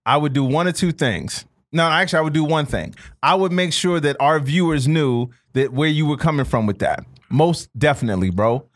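Animated man saying "bro" in casual talk. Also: on the high side, brisk, hardly any pauses. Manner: animated, swearing, says "bro" often. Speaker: podcast co-host. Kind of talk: casual chat.

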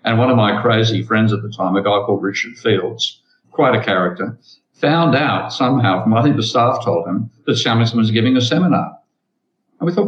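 A man's voice: medium pitch, brisk. An older man, a guest telling a story from his student days in a casual chat. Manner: storytelling, reminiscing. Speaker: guest economist. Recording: roomy, dull lo-fi sound.

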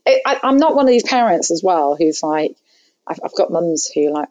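A woman guest chatting candidly about parenting, chatty and self-deprecating with quick asides. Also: fairly low pitch, very animated, a little mellow, dry recording, lo-fi sound. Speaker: podcast guest. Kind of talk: candid conversational chat.

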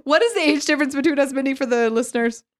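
A young woman co-hosting a casual podcast, joking and chatting playfully with a friend. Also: high-pitched. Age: young adult. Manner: playful, joking, quick asides. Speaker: podcast co-host. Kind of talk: casual chat.

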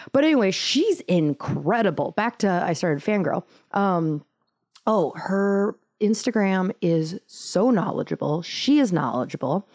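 A woman's voice: on the low side, dark tone, dry recording, clean studio sound. A woman hosting a podcast, talking casually in a rambling, self-mocking way full of tangents. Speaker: podcast host. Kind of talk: casual podcast intro monologue.

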